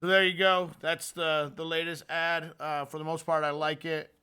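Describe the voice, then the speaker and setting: A man hosting a political podcast, giving opinionated and animated commentary. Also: a little high, normal speed, smooth. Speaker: podcast host.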